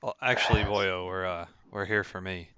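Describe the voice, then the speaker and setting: A man's voice: low voice, fairly even intonation, normal speed, a bit bright, clear, resonant tone, no room sound, dull audio. A man voicing a brash male Irish hero in a tabletop game, with a put-on Irish accent and blunt, chummy banter.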